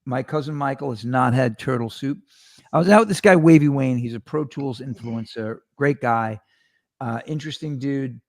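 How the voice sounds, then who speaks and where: Guy host w a gravelly radio voice, rambly stories, lots of restarts. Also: mid-range voice, normal speed, dry recording, clean studio sound. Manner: rambling, animated storyteller with restarts. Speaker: talk show host. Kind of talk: casual storytelling chat.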